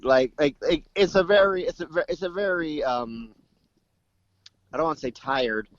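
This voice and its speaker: Male co-host, mid-pitched, meandering delivery, muffled dry recording. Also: normal speed, no room sound. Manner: rambling, many restarts and fillers. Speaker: podcast co-host. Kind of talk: casual chat. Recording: dull, dry lo-fi mic.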